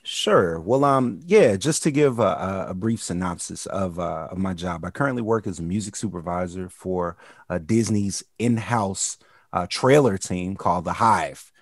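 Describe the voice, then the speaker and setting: A man explains his job in a relaxed, casual way. His voice is very low with a gravelly edge, and the sound is close and dry. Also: normal speed, dry recording. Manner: relaxed, reacts with exclamations. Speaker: music supervisor guest. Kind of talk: casual interview answer.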